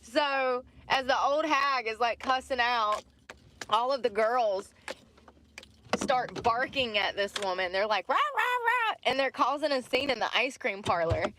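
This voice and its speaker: A woman's voice: on the high side, unhurried, background noise. A woman vlogging casually, rambling through asides and laughing often. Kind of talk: casual chat to camera.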